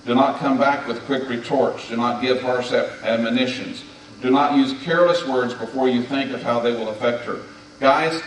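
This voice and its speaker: A man in his seventies addresses a conference hall of husbands in a sermon-style talk, driving each point home with insistent commands. His voice reaches a distant mic through a very echoey hall, and faint hiss sits underneath. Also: medium pitch. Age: 70s. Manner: emphatic, hammers points with repeated "do not" commands. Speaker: marriage conference speaker.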